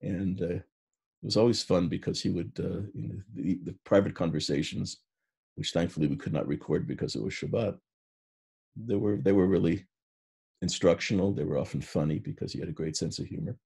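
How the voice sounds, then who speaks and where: An older rabbi in his sixties delivers a sermon and unhurriedly tells stories, with Hebrew terms mixed in. His voice is low, mellow and husky. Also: fairly quick.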